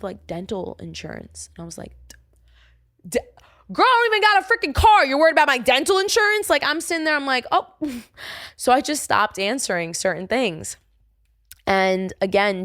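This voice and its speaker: A young woman talks through her own story on a solo podcast. She is chatty and animated, and she jumps high in pitch whenever she acts out what other people said. Her voice sits close to the mic in a dry room with no echo. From Staten Island, New York. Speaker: podcast host. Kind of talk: casual solo podcast monologue.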